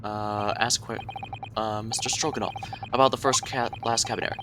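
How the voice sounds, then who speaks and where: A man's voice: lowish voice, fairly even intonation, moderate pace. Chatty male streamer with background hiss. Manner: chatty, stumbling over words. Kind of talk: reading game dialogue aloud.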